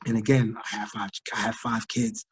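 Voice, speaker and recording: Husky man in his thirties from Trinidad, worn out by illness, animated storyteller, dry close sound. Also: on the low side, moderate pace, no room sound. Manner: animated storyteller, acts out quoted voices. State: fatigued, recovering from illness. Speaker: guest, firefighter recovering from illness. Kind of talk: casual interview over a call.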